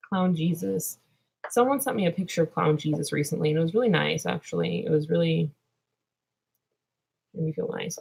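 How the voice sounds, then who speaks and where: A woman's voice: on the low side, vocal fry, breathy edge. A woman vlogging in a clown persona, drifting earnestly from topic to topic and then turning silly. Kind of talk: rambling casual vlog.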